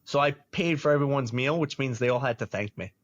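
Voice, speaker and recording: A man's voice: mid-range voice, brisk, no room sound, muffled recording. A man, animatedly telling a personal story on a podcast and laughing often. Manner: animated, laughs often, acts out quoted voices. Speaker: podcast host. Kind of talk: casual storytelling.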